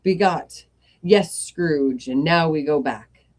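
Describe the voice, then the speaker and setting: A woman's voice: deep voice, takes it slowly, darkish tone. A woman voicing a smug, crooning male showman spirit with a showy manner.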